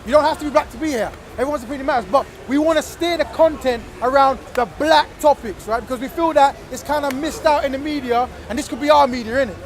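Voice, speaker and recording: Very high-voiced man, street crowd. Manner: brisk, explains and checks "right?", "innit?". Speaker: discussion facilitator. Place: street outdoors.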